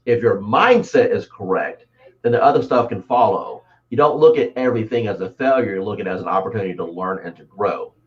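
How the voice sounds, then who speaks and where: A man who is the guest on an interview show, talking about sales and mindset with lively, acted-out stories. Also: fairly low pitch. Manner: animated storyteller, acts out voices. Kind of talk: motivational interview talk. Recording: dull lo-fi audio.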